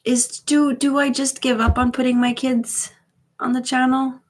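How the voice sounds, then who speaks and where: A woman's voice: high voice, level tone, unhurried, low-quality recording. A woman in her thirties chatting casually on a live stream, rambling with wry asides. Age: 30s. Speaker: vlogger.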